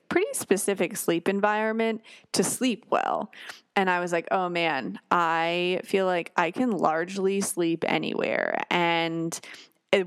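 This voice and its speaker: A woman's voice: fairly low pitch, clear, resonant tone, no echo, studio quality. A woman hosting a podcast, telling personal stories in a loose, chatty way with lots of fillers and self-corrections. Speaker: podcast host. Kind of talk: casual storytelling.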